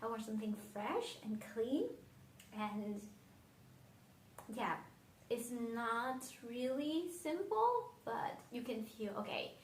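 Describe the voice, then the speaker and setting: A young Vietnamese woman, a non-native English speaker and beauty vlogger, casually reviews her favourite perfumes in a dreamy, reflective way, often trailing off. Her voice is a little high, and the recording has a slight hiss or hum, roomy echo and some distance from the mic.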